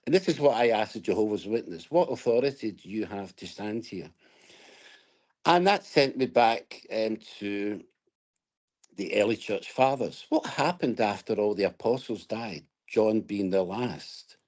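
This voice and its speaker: Scottish guy, lowish voice, chatty guest reflecting on his past, stops and restarts a lot. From Scotland. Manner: reflective, storytelling, hesitant restarts. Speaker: interview guest. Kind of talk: casual personal story.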